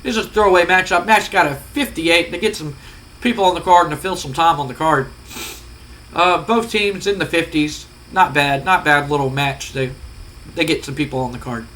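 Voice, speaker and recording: A man's voice: fairly high pitch, moderate pace, sharp tone, a little hiss or hum, rough recording. A man giving casual, rambling commentary on a wrestling simulation game, often swearing. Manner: rambling, profane, conversational. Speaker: let's play host.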